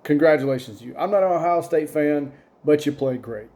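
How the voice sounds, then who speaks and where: A man with a slightly high, mellow voice hosts a casual solo sports talk show. He rambles with plenty of fillers and sounds a bit tired as he gives blunt opinions. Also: a little fast. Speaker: sports podcast host.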